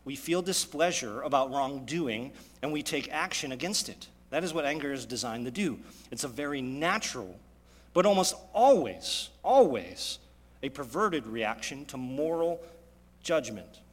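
A man's voice: mid-range voice, animated, normal speed, fairly bright tone. A man in his thirties preaching a sermon, driving his points home with frequent rhetorical questions. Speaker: pastor. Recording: long hall reverb.

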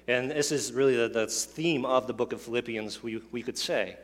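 A man's voice: mid-range voice, normal speed. Preaching man in a reverberant hall. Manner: expository, with rhetorical questions and asides. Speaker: pastor. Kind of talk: sermon.

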